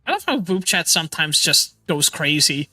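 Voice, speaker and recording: A man's voice: fairly high pitch, very animated, moderate pace, pushed and bright, no room sound, faint music behind. A man hosting a casual livestream chat, enthusiastic and laughing often. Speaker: livestream host.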